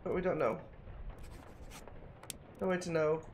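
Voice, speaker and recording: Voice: medium pitch, a little slow, darkish tone, a little hiss or hum. A streamer thinking aloud while playing a mystery game, musing and often repeating themselves while puzzling things out. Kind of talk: casual think-aloud gameplay commentary.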